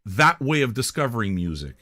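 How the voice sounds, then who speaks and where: Older canadian guy rambling and swearing, bright voice that jumps all over. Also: medium pitch, big pitch swings, brisk. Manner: blunt, profane, rambling. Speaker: music reaction show host. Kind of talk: casual rambling monologue.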